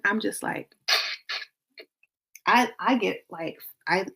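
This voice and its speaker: A woman's voice: on the low side, a bit bright. A woman giving blunt, playful relationship advice in a casual monologue. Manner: blunt and playful, acting out quotes with laughs.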